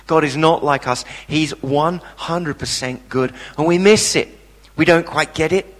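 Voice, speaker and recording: A man's voice: fairly high pitch, a little slow. A man preaching a sermon, impassioned and emphatic with blunt everyday turns of phrase. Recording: reverberant hall.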